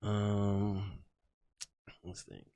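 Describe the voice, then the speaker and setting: A man's voice: on the low side, little pitch movement, extremely slow, dark tone, no room sound. A man co-hosting a podcast, telling rambling stories in casual banter and laughing at himself. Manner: laid-back, rambling storyteller, laughs at himself. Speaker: podcast co-host.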